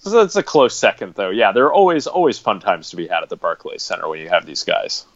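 Male guest, deep-ish voice, chatty and anecdotal, dry muffled audio. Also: huge pitch swings, fast talker, dry recording. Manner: rambling anecdotal storytelling. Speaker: podcast guest. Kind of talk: casual podcast chat.

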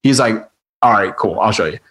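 A man's voice: on the low side, moderate pace. A man telling a touring story on a podcast in a casual chat, acting out quotes and saying like often. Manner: animated, acts out quotes, many likes. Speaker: podcast guest.

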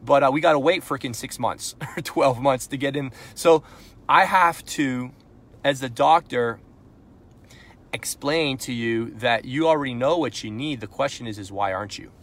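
A man's voice: mid-range voice, measured pace, fairly bright tone. A man from Canada giving a live sales coaching talk, blunt and punchy, firing rhetorical questions and pushing into frustrated intensity. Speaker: sales coach and podcast host.

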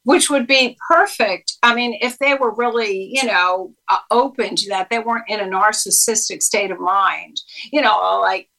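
Female psychologist guest, bright tone, instructive and explanatory. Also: mid-range voice, moderate pace, creaky, poor audio. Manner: instructive, quizzes the listener, acts out quoted lines. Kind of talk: interview explanation.

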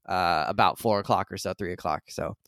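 A man's voice: low-pitched, brisk, no echo, studio quality. A man in his thirties co-hosting a podcast, chatting casually and laughing often. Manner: laughs often, relaxed rambling. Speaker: podcast co-host. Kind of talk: casual chat.

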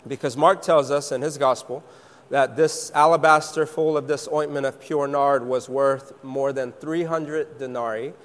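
A man's voice: on the high side, long reverb tail. A man preaching a sermon, telling the story playfully and slipping into acted voices for the characters. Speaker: pastor.

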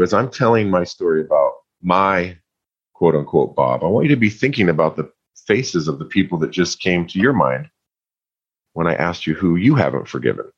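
Low, husky man telling his story. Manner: earnest and heartfelt, with playful asides. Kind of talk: personal storytelling testimony. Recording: muffled lo-fi sound.

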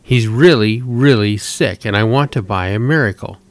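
A man's voice: fairly low pitch, moderate pace, dry recording, close to an everyday voice. A man voicing an earnest, determined eight-year-old girl in a read-aloud story, sounding insistent and pleading.

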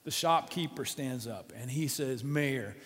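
A male pastor preaches in a mid-pitched voice, telling a story with dramatic swings between hushed and loud lines. His sermon rings out in a hall with a long reverb tail. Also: normal speed.

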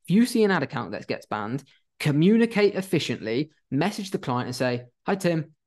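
Blunt, animated young man. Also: on the high side, a little fast. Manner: blunt and animated, acts out phone calls, swears casually. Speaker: agency owner giving business advice. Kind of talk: casual talking-head advice.

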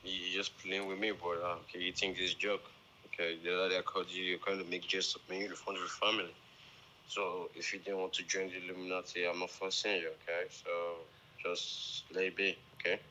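Brief: male phone caller, very low monotone voice, halting and repetitive, faint hiss behind. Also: rough recording. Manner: halting, repeats himself, insistent. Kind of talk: phone conversation.

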